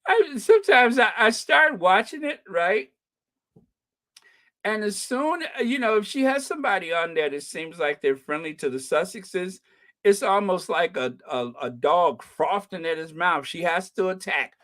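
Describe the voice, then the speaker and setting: A woman talks on her live stream in an animated, heckling rant. Her pitch swings widely, jumping high on outbursts and dropping low on asides. She laughs often between points. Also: normal speed. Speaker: channel host.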